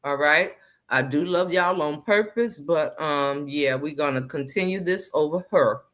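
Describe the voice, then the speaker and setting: A woman's voice: sits low, a little slow, a bit bright. A woman hosting a casual live stream chat, greeting viewers by name and speaking emphatically, often repeating phrases.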